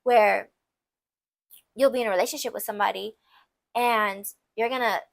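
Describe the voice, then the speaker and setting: A young woman talks straight to her listeners on a casual advice podcast, with a voice pitched slightly high. She's candid and emphatic and scatters "like" through her sentences. Playful asides keep it loose and personal. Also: fairly even intonation, normal speed, gravelly, no echo. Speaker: podcast host.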